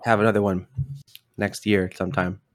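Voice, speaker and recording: A young man, a father and podcast co-host, chatting casually in a relaxed, rambling way. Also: low-pitched, normal speed, no room sound, studio quality. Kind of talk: casual chat.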